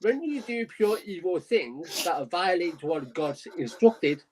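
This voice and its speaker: A man co-hosting a podcast, reading out a news story in a halting, amused way and restarting his sentences. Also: sits high, animated, darkish tone, poor audio. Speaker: podcast co-host.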